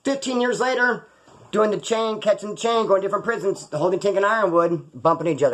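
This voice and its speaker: Fast-talking man telling prison stories. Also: high voice, fairly bright tone, low-quality recording. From California. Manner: rambling, conversational with prison slang. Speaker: vlogger. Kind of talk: casual storytelling vlog.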